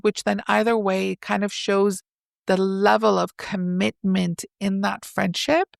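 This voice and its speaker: A woman psychotherapist, a podcast guest, explaining relationship ideas in a lively way and acting out example lines. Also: medium pitch, gravelly, dry recording, studio quality. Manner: animated, acts out example dialogues. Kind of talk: explanatory interview talk.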